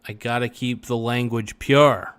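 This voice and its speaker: A man hosting a casual livestream, joking and rambling, stretching some words out and breaking into sudden loud bursts. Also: mid-range voice, steady tone, unhurried, clear, resonant tone. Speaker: livestream host.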